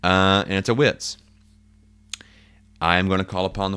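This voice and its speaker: A man with a very low voice talks through his solo tabletop game. He muses aloud, stopping to rethink and correct himself as he checks rules and rolls. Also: fairly even intonation, moderate pace, fairly bright tone, clean tone. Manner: thinking aloud, musing and self-correcting.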